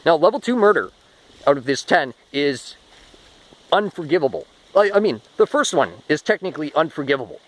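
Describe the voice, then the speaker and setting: A man's voice: on the high side, big pitch swings, fairly quick, low-quality recording. A man talking through a rambling spoken monologue, restarting often and swearing casually. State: short of breath.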